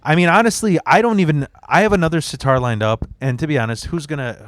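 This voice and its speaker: A man's voice: on the high side, fast, no room sound, clean studio sound. A man, a standup comedian, telling long, profane stories as a guest on a podcast. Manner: profane, rambling anecdotes. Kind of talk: casual podcast storytelling.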